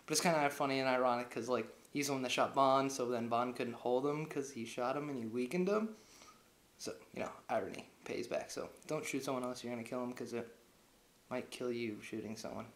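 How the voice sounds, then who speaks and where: A man's voice: medium pitch, brisk. Young male reviewer retelling a plot casually and loosely, recorded in an echoey room. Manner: rambling, heavy on filler words. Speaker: movie reviewer. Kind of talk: casual movie recap.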